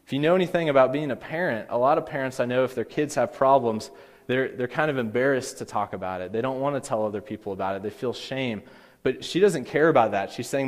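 A man's voice: medium pitch, brisk. A man preaching a sermon as a pastor, earnest and building to emphatic pleas. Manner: earnest, rising to emphatic pleas in quoted lines. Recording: long hall reverb.

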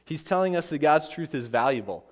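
A man's voice: on the high side, lively intonation, brisk. A man preaching a sermon, telling a Bible story with acted voices and emphatic repetition. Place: church. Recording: long hall reverb.

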